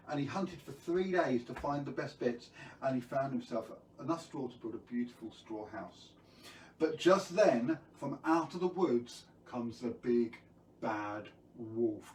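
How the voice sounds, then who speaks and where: A man's voice: medium pitch, darkish tone, echoey room, distant mic, a little hiss or hum, poor audio. Playful man telling a kids' story. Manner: playful, jokey, quizzes the viewers. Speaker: children's storyteller. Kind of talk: live-streamed story time for kids.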